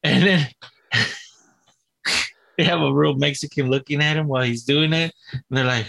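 A man's voice: fairly high pitch, steady tone, a little slow, creaky, a bit bright, no echo. A man cohosting a casual podcast, trading jokes and laughing often. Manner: laughs often, joking banter. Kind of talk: casual chat.

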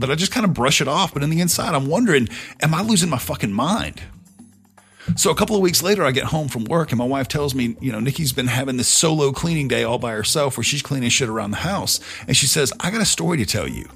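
A man's voice: medium pitch, lively intonation, fast, vocal fry, a bit bright, faint music behind. A middle-aged man hosting a podcast, telling a story in a casual, profane, conversational way. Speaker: podcast host.

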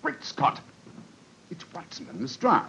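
An actor playing a brisk, self-assured English detective in a 1940s radio drama, on a dull old radio recording. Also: male voice, lowish voice, animated, a little hiss or hum, close to an everyday voice.

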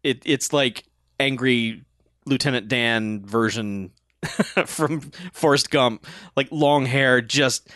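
A man's voice: mid-range voice, takes it slowly, fairly bright tone, no room sound, clean studio sound. A man co-hosting a casual podcast, retelling a movie plot with laughs and acted-out quotes. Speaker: podcast co-host. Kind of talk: casual movie recap chat.

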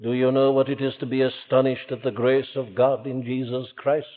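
A man's voice: mid-range voice, level tone, normal speed. Male preacher, impassioned old-style sermon, long church reverb. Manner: fervent, rising and falling preaching with solemn hushed passages. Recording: old lo-fi phone-band recording in a reverberant hall.

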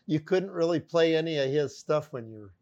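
Lively-pitched male interviewer. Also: lo-fi sound. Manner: encouraging, quick affirmations and laughter. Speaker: interviewer host. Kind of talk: interview conversation.

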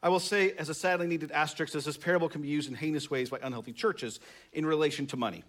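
Man preaching a sermon, slightly higher voice. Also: steady tone, fast talker. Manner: reads scripture aloud and then comments conversationally, with emphatic rises. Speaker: pastor.

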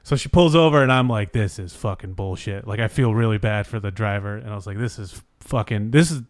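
A man's voice: fairly low pitch, fast, no echo, clean studio sound. A man casually telling a rambling night-out story, swearing freely and acting out what people said. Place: Los Angeles area.

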